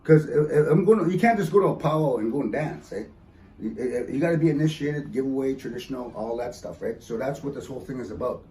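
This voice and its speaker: A man performs a joking stand-up set in an event hall, frequently dropping into teasing mock voices. His mid-range voice is mellow and his pace is quick. The recording catches him from a distance in an echoey room.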